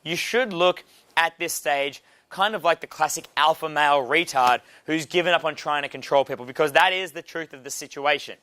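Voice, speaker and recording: A man teaching a dating seminar in a brash, profane, animated way. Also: fairly high pitch, fairly quick, no room sound. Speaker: dating coach.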